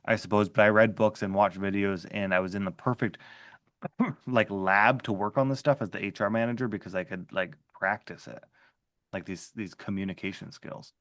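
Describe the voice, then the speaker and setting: A man's voice: lowish voice, fairly even intonation, normal speed, a bit bright, no echo, studio quality. A man in an interview telling a workplace story in a casual, conversational way, often saying "like" and restarting his sentences. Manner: conversational, filler-heavy with frequent "like". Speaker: interview guest, former HR manager.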